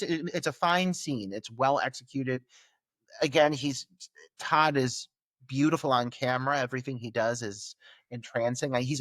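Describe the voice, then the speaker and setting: A man's voice: mid-range voice, a bit bright, dry recording. Chatty podcast guy riffing on a horror film, lots of likes and ums, dry close sound. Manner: chatty, many fillers and restarts. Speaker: podcast co-host. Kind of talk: casual film-review chat.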